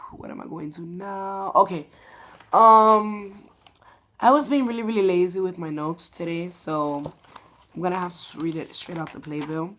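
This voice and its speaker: A woman's voice: mid-range voice, a bit bright. A young woman giving a rambling, gushing spoken review of a stage show, full of "like" and "um". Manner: gushing, rambling, heavy "like" and "um" fillers. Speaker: theater reviewer vlogger.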